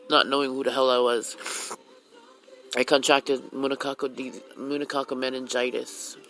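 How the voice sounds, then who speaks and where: A woman's voice: rumbling low, a bit bright, rough recording. A woman from Hawaii, a mother, telling her own life story on the radio in a candid, emotional way. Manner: candid, emotional, retells conversations.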